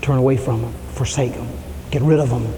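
A man preaching a sermon, telling a story and building to impassioned calls, sometimes dropping to a hush. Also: mid-range voice, steady tone, brisk. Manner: storytelling, rising to impassioned preaching with shouts and hushed whispers. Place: church sanctuary. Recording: reverberant hall, faint room noise.

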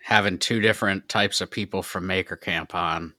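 A man co-hosts a podcast in loose casual chat, telling stories with a dry sense of humor. His voice sits very low yet sounds sharply bright and crisp. He talks easily with friends. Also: fairly even intonation, normal speed, dry recording. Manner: dry joking storyteller. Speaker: podcast co-host.

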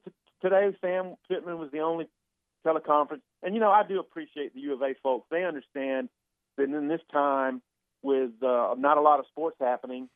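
A man who writes about sports, calling in to chat in a relaxed way and often repeating words mid-sentence. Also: mid-range voice, dry recording. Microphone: phone line. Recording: tinny phone line.

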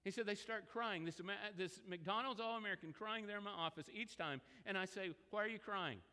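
Bright-voiced man preaching a sermon. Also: fairly quick, long reverb tail. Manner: conversational storytelling, animated pitch swings. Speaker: pastor.

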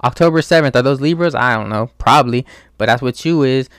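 A man's voice: mid-range voice, brisk, a bit bright, dry recording, clean studio sound. A young man hosting his own show, talking casually in a slangy, profane, ranting way. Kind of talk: casual monologue.

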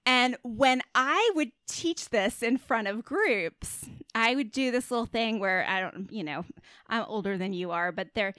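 A middle-aged woman with a slightly high voice talks as a guest on a casual podcast. She is chatty and earnest and scatters fillers and tag questions through her sentences. The recording is dry, with no room sound around her. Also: unhurried, pushed and bright, smooth, dry recording. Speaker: guest author and Christian body image coach.

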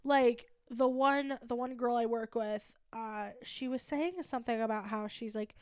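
A woman co-hosting a comedy podcast, telling an office story with animated quoting and frequent laughter. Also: fairly high pitch, unhurried, hardly any pauses, smooth, dry recording, clean studio sound. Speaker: podcast co-host.

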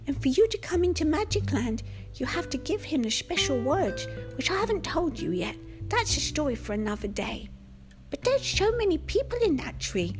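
A woman voicing a cheerful little boy unicorn who tells a children's story in a playful, sing-song way. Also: high voice. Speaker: host.

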